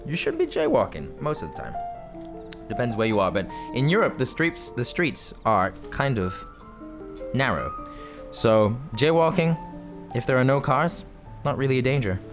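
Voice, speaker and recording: A man talks through a video game in casual, rambling commentary, joking and laughing as he plays. His pitch moves a lot, and faint game music runs underneath. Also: wildly swooping pitch, moderate pace. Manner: rambling, jokey, laughs often. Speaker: let's play host.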